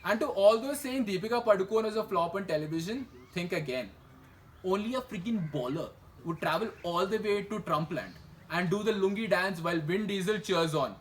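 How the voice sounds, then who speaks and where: A young man delivers a comedy news monologue in a fairly high voice. His pitch swings widely as he tosses off sarcastic asides and rhetorical questions. A faint hiss sits under the recording. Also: lively intonation, brisk, low-quality recording. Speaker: comedy news show host.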